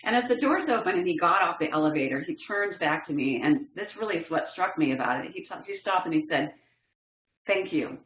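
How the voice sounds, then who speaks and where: A woman trainer telling a personal story in a workshop talk, earnest and expressive with lively emphasis. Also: lowish voice, fast, hardly any pauses. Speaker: professional development trainer. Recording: echoey, tinny phone-like line.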